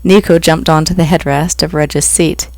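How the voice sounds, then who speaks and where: An author reads a passage of a novel aloud at a steady, even pace. The voice has a gravelly texture, and the sound is dry and close with no room echo. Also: mid-range voice, moderate pace. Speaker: author reading own book. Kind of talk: audiobook reading.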